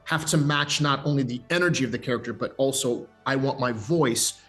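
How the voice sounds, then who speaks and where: A man speaking as a voice actor in an interview, telling stories in an animated, energetic way with many restarts. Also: mid-range voice, brisk, faint music behind. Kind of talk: interview chat.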